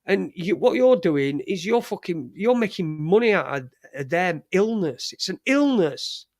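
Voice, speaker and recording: A man hosting a casual live stream, swearing freely and rambling through halting restarts. His voice sits fairly high for a man, and the sound is dry and close with no room echo. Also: sing-song, a little mellow. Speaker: live show host.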